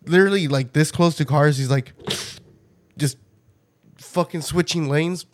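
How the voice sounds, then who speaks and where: A man hosting a podcast, telling a story in a loose, profane, animated way and often breaking into laughter. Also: on the high side, measured pace. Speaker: podcast host. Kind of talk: casual storytelling chat.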